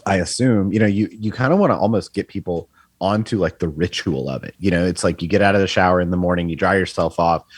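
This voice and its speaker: A man with a very low, husky voice talking on a business podcast. He rambles along loosely, filling his sentences with "you know" and "like", and the sound is dry and close. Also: fast talker, dry recording. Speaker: podcast co-host. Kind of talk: casual business podcast discussion.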